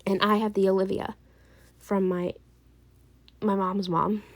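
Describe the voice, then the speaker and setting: A woman's voice: medium pitch, flat delivery, unhurried, pitched below the performer's own voice, natural voice. A woman voicing an anxious young wife and new mother who rambles and corrects herself, in an amateur role-play drama. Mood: explaining. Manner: rambling, trailing off, self-correcting.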